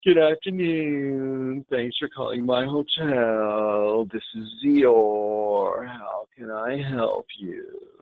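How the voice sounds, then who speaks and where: A man voicing a gloomy, slow donkey answering a hotel phone in a sluggish drone. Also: mid-range voice, no echo. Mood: mopey. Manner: sluggish, droning, flat. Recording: tinny phone-like webinar audio.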